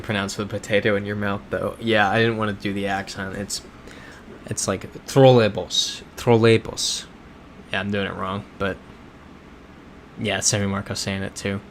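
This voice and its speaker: A man's voice: fairly low pitch, a little hiss or hum. Laid-back man chatting on a livestream. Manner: chatty, reads viewer comments aloud and reacts to them; laid-back, with soft chuckles. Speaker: livestream host. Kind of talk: casual livestream chat while playing a geography game.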